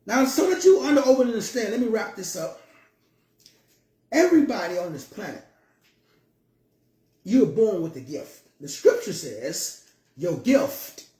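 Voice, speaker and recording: A man delivers a motivational monologue with a preachy yet playful manner, dropping slangy asides. His voice sits high and swoops widely, with a warm, mellow color. The room around him adds a noticeable echo. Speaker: motivational speaker.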